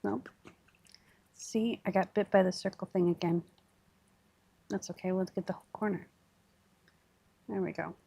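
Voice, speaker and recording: A woman's voice: medium pitch, steady tone, normal speed, vocal fry, pauses often, mellow, slightly rough. A woman hosting a crafting livestream, chatting casually as she works and talking herself through each step. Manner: chatty, talks to herself while working.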